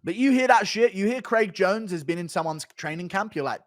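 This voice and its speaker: A man hosting a livestream, talking casually with viewers in a rambling, profane, increasingly excited way. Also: high voice, a little fast, dry recording, clean studio sound. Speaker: livestream host reading donations.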